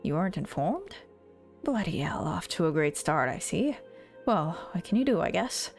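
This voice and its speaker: A woman voicing a gruff, stern retired old nobleman in a visual novel voice-over, putting on a clipped British accent. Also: on the low side, very animated, moderate pace, faint music behind. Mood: grumbling.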